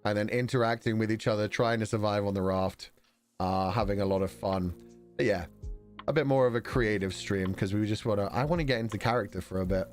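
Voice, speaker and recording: A man with a Belfast accent chatting casually on a stream. His voice sits fairly low, and he rambles along with frequent laughs. Faint music plays underneath. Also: brisk. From Northern Ireland. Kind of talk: casual chat.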